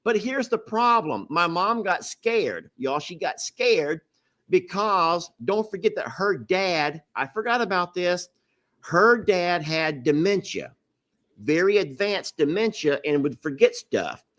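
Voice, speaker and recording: A man's voice: high-pitched, expressive, slow pace, a bit bright. A man casually telling a family story to his live viewers, acting out quotes and apologizing with a laugh.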